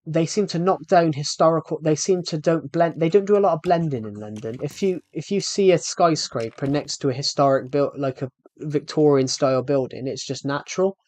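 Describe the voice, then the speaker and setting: A man's voice: a little high, fairly quick, few pauses, a little mellow, no echo. A man streaming live, chatting in a rambling, casual way and talking straight to his viewers. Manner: rambling, addresses viewers directly. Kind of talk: casual live-stream chat while gaming.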